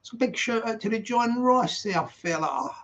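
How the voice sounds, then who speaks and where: On a dull, lo-fi livestream, a sixty-something host from Glasgow, whose accent bears some London influence, rambles casually to viewers with plenty of "yeahs." He speaks with extremely high pitch and lively intonation, a little slowly, with a slightly bright tone.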